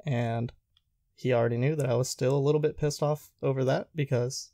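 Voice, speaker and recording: A man's voice: mid-range voice, fairly quick, no room sound, clean studio sound. A young man in casual chat, animatedly retelling stories from his restaurant job and acting out what people said. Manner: animated retelling, acts out quoted lines. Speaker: podcast host telling work stories.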